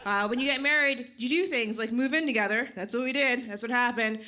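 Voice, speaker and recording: A woman doing a stand-up routine with a dry, deadpan delivery. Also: on the high side, brisk. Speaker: stand-up comedian. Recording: stage mic with loud room noise.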